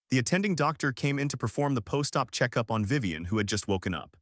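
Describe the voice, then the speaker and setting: A man narrating an emotional story in first person, steady and earnest. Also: medium pitch, fast talker, few pauses, no room sound, studio quality.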